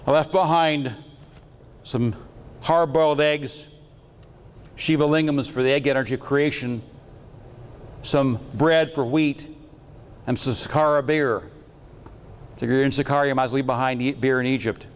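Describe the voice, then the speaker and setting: A male lecturer working through his slides on mystical subjects in a loose, wandering way. He throws in teasing jokes and blunt asides, and his voice sits at an ordinary middle pitch. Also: steady tone, moderate pace, pauses often, clear, resonant tone, big-room sound. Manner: rambling, jokey and irreverent. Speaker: metaphysics lecturer.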